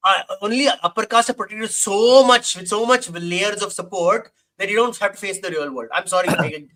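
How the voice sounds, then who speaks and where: A man with a high, bright, ringing voice delivers heated stream commentary. He is emphatic and lays out his argument point by point. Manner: emphatic, fast, explains point by point. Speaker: co-host reacting to a debate clip.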